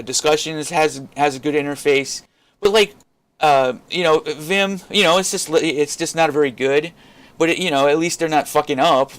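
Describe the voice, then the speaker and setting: Foul-mouthed man ranting, fairly high voice. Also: clean tone. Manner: frustrated, swears constantly, rambling restarts. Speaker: crypto vlogger. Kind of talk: unscripted rant to camera.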